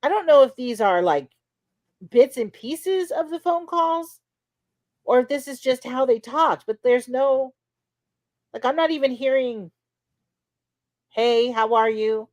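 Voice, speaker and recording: A woman's voice: high voice, lively intonation, unhurried, pauses often, a little mellow, no room sound. Chatty woman recapping trial testimony. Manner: conversational, many fillers like "you know". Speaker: podcast host.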